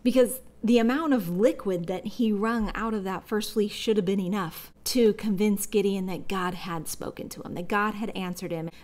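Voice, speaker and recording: A woman's voice: mid-range voice, moderate pace, few pauses, a little mellow. A woman giving a devotional Bible teaching, talking in an earnest, reflective way and telling a personal story along the way.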